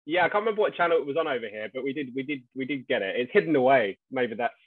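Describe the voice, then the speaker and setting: A man's voice: medium pitch, expressive, rapid-fire, husky, no room sound. A British man interviewing two guests in a chatty, joking way, often restarting his sentences. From Britain. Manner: chatty, laughing easily, stumbling restarts. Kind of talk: casual press interview. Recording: tinny phone-like line.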